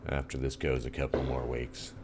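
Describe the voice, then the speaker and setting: A man's voice: rumbling low, monotone, moderate pace, noisy background. A middle-aged man from Southern California hosting a livestream, giving sardonic, crude commentary over live feeds. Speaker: livestream host.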